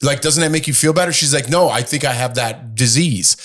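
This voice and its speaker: A man's voice: medium pitch, fairly quick. Rambling man telling a family story. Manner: rambling, animated storyteller who acts out quotes. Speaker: podcast co-host. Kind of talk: casual storytelling chat.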